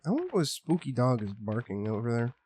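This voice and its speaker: A man's voice: mid-range voice, sing-song, a little fast, a little mellow. A male streamer gives loose running commentary over a horror game. He rambles, curses freely and jokes with his chat in an ordinary mid-range voice. A faint hiss of noise sits under the recording. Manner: rambling, profane, jokey, talks to chat. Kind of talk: casual gameplay commentary.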